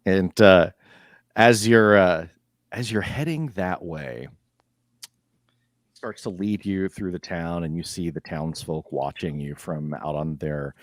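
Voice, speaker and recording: A man runs a tabletop game as game master, describing each scene at an unhurried pace. His voice sits very low. The sound is close and dry. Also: dry recording. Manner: unhurried descriptive narration with fillers.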